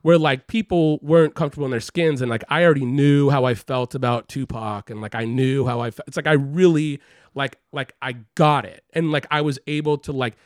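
A man telling a personal story in casual conversation, rambling and swearing, full of "like" and animated quotes. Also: medium pitch, a little fast, no echo, studio quality. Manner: rambling, heavy use of "like" and profanity, animated quoting.

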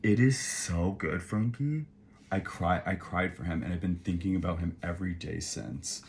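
A low-voiced man co-hosts a podcast, rambling through casual chat with lots of fillers and sudden bursts of excitement. A faint hiss sits under his voice. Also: moderate pace, creaky. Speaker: podcast co-host.

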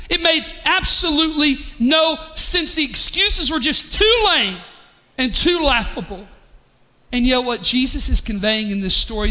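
A male pastor preaching an animated sermon, often rising to a shout. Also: very high-pitched. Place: church sanctuary. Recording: long hall reverb.

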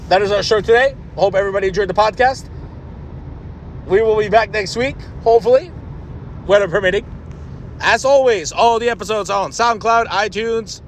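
A man's voice: sits high, a little hiss or hum. A man hosting a podcast, delivering a blunt, profane, exasperated rant. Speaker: podcast host. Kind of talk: ranting podcast monologue.

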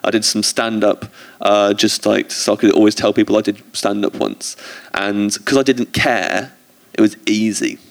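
A man's voice: fairly low pitch, steady tone, moderate pace, vocal fry, hardly any pauses. A man, a comedian guest, telling rambling, self-mocking stories in casual chat on a theatre stage. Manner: rambling, self-mocking storytelling with frequent restarts. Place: theatre stage before an audience.

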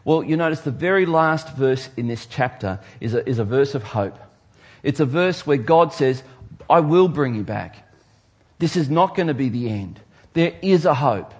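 A man preaching from the pulpit with a husky, breathy edge to his voice. He delivers his sermon emphatically, swinging between hushed, low passages and loud, rising ones. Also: lively intonation, moderate pace. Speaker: pastor.

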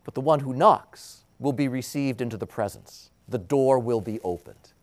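With a male voice, a priest preaches a homily slowly and deliberately, building to emphatic peaks before sinking into hushed closes.

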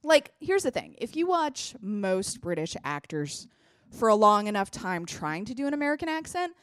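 A woman co-hosting a podcast in casual, opinionated chat, talking in an animated way and swearing casually. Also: mid-range voice, normal speed, clear, resonant tone, dry recording, studio quality. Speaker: podcast co-host.

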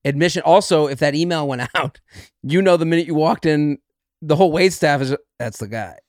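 A man, a comedian guest on a podcast, chatting casually, laughing often and riffing quick comebacks. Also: on the high side, steady tone, no echo, clean studio sound. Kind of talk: casual chat.

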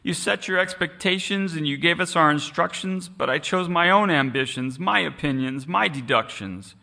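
A man's voice: fairly high pitch, moderate pace, gravelly, sharp tone, in a large hall, pitched above the performer's own voice. A man voicing a young male sheep who is crying and blubbering out his regret. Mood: tearful. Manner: blubbering, tearful. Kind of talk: storybook character voice.

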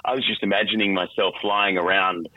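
A middle-aged voice actor in a casual interview, talking animatedly with lots of restarts. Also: male voice, low-pitched, fairly even intonation, a little fast, dull audio. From Australia. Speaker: voice actor and guest.

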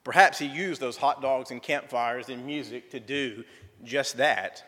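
A middle-aged man, telling a folksy church testimony with gentle humor. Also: mid-range voice, unhurried. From southern United States. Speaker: church member giving a testimony. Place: church sanctuary. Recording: reverberant church sanctuary.

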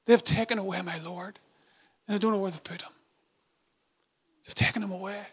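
A grief-stricken young woman pleads in a raised, strained voice that climbs higher as she begs, put on by a male preacher retelling a story. Her voice sounds close to breaking, and each phrase rises in desperation. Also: steady tone, brisk, husky. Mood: desperate grief.

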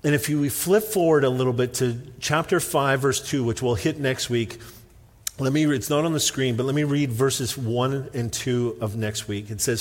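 A male pastor at a medium pitch delivers a sermon in a relaxed, conversational way and pokes fun at himself as he tells stories. His voice rings through a church sanctuary with a long, lingering reverb. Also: normal speed. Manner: conversational, self-deprecating storytelling.

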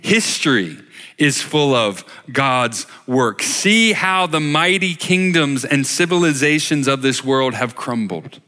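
A man preaching a sermon slowly and emphatically, asking his listeners rhetorical questions. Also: mid-range voice, expressive, sharp tone, big-room sound. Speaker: worship leader giving a short sermon. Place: church sanctuary.

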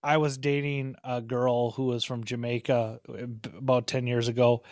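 A man's voice: medium pitch, little pitch movement, normal speed, darkish tone, no echo, clean studio sound. A man hosting a podcast in casual chat, laid-back, laughing often and swearing freely. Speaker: podcast host.

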